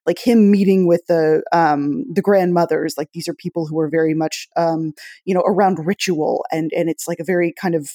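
Cohost on a podcast, middle pitch, dry close sound, slow careful thinking out loud, lots of ums. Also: fairly even intonation, dry recording. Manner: measured, thoughtful, frequent "um"s. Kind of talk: casual podcast chat.

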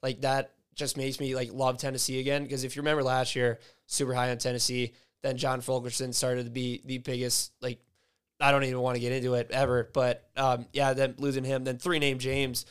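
Casual man, flat even voice. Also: mid-range voice, brisk, clear, resonant tone. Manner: loose, swears freely, leans on "like". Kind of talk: casual sports chat.

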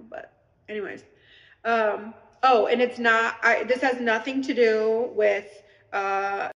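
A woman's voice: on the high side, little pitch movement, measured pace, long reverb tail. Tearful woman on a dull livestream. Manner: rambling, earnest, preachy. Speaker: online seller on a live video. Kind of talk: emotional livestream monologue. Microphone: phone.

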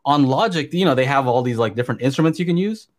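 A man's voice: medium pitch, expressive, quick pace. A man co-hosting a podcast in casual chat, easygoing and fond of teasing his co-host.

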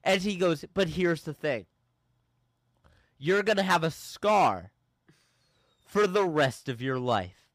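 A man hosting a podcast, telling a story casually and acting out the people in it with shouts and laughs. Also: on the high side, slow, long pauses, no echo. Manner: animated, acts out quoted people with shouts and laughs. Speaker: podcast host.

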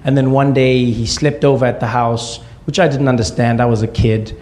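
A male stand-up comedian telling a personal story on stage, with deadpan asides in a slow build. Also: mid-range voice.

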